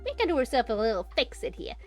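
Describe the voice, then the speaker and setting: Lady putting on a bouncy australian bug-lizard trader guy, high and swoopy, hawking his junk. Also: huge pitch swings, fast talker, faint music behind. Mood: wheedling. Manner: folksy huckster patter. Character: spider-like lizard-faced male merchant creature.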